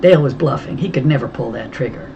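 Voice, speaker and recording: A woman reading a first-person novel aloud, in an even, tense storytelling manner. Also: rumbling low, fast talker, vocal fry, muffled recording, slight background noise. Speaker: audiobook reader.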